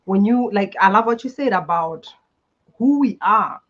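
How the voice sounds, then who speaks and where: A podcast guest who works as a healer, talking emphatically, with big swings in loudness. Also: medium pitch, lively intonation, moderate pace, lo-fi sound. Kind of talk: casual panel talk.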